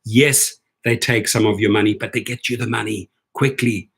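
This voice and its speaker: A man hosting a casual livestream for gig drivers, chatty and excitable, reading viewer comments aloud. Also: on the low side, normal speed, vocal fry, breathy edge.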